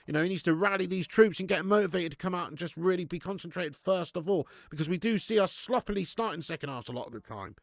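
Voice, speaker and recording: A man's voice: high voice, animated, fast, few pauses, no room sound, clean studio sound. A man hosting a live football watch-along, reading out viewer chat and ranting bluntly with plenty of swearing. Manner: reads out viewer chat messages.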